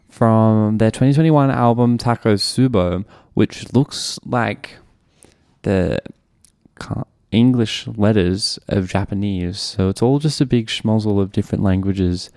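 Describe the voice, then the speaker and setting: Man, Australian accent, radio DJ, rambling, enthusiastic, lowish voice, dry close studio mic. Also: darkish tone, no echo. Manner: chatty, rambling, enthusiastic asides. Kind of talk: casual radio chat between songs. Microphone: studio microphone.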